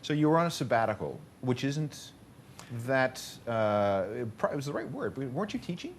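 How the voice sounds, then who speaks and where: A man hosting a casual radio interview, asking relaxed, jokey follow-up questions. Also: medium pitch, moderate pace, a little hiss or hum. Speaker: radio host.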